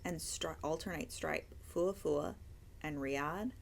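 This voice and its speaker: A woman's voice: deep voice, takes it slowly, gravelly. A woman hosting a casual interview, chatty and enthusiastic as she gushes about yarn. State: hiccups and tired. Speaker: yarn shop owner and host.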